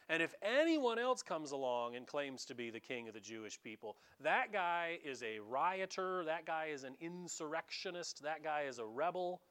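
A man preaching a conversational sermon as pastor, animated and dramatizing, talking straight to his congregation. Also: fairly high pitch, moderate pace, few pauses, smooth.

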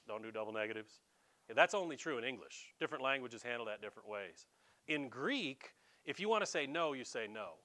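A middle-aged man, preaching a folksy, joking sermon as pastor. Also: mid-range voice. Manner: folksy, animated preaching with jokes and asides.

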